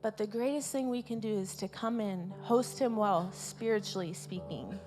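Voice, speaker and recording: A woman preaching an informal sermon at a church service, earnest and repeating her key words, swelling louder on her main points. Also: medium pitch, moderate pace, music in the background.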